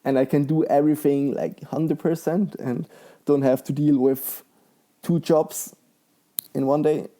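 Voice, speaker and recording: Excitable young man, mellow voice. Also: fairly high pitch, unhurried. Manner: excitable, laughs often, lots of fillers. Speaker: guest, professional mountain bike rider. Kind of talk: casual conversational interview.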